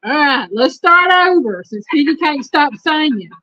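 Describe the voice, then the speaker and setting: A woman hosting a casual livestream chat, reading trivia questions slowly and repeating them. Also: sits high, expressive, pushed and bright, no room sound. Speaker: host. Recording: dull lo-fi stream audio.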